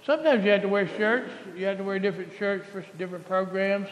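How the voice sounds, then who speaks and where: A man's voice: high-pitched, quick pace, muffled recording, a little hiss or hum. A man leading a children's sermon as pastor, with a playful, coaxing way of talking to the kids. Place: large church sanctuary. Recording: echoey church hall, mic at a distance.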